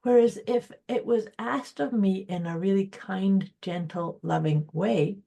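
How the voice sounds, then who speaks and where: A woman's voice: mid-range voice, a little slow, creaky, dark tone. A woman co-hosting a podcast, speaking in a reflective, encouraging way. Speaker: podcast co-host. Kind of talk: casual chat.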